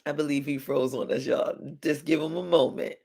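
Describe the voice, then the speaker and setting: Male stream host, gravelly and a bit high, breezy and chatty with the crowd. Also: steady tone, moderate pace, a little mellow. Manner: upbeat, chatty, addresses audience as y'all. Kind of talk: live-stream show hosting.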